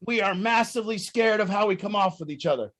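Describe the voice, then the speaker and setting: A high-voiced man leads a recovery group talk. He is blunt and profane, pushing his listeners with rhetorical questions and getting louder and higher when he is worked up. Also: fast. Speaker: group leader.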